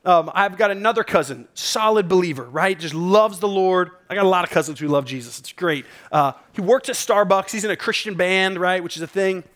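A pastor delivers his sermon in a relaxed, conversational way. His voice sits a little higher than most men's. He tells stories and presses his listeners emphatically and directly. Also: a little fast, few pauses. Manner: casual, conversational preaching with storytelling.

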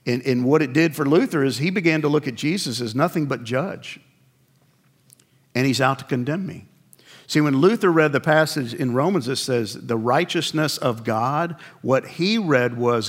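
A man's voice: mid-range voice, measured pace. Older man, pastor, conversational sermon, self-deprecating stories, acted asides.

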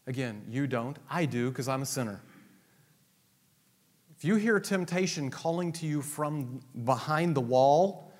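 A male pastor preaching a sermon, swinging between loud emphatic declarations and low asides. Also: expressive, unhurried. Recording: long reverb of a large hall.

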